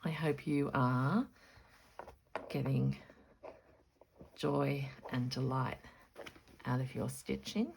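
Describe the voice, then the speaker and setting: A woman hosting a casual stitching vlog, excited, chatty and rambling as she shows her projects. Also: very deep voice, slow pace, vocal fry, long pauses, a little hiss or hum. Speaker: stitching vlogger. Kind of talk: casual show-and-tell vlog.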